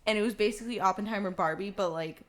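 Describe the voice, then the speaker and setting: A woman co-hosting a casual podcast chat, animated and excitable as she shares news. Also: mid-range voice, rapid-fire. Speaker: podcast co-host.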